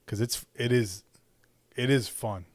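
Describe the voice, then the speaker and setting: A man with a medium-pitched voice, recorded dry and speaking a little slowly, tells a story in a casual, rambling way. He's a father and a podcast co-host, somewhere from young adult to middle-aged, who swears a lot and keeps checking in with his listener by asking "right?"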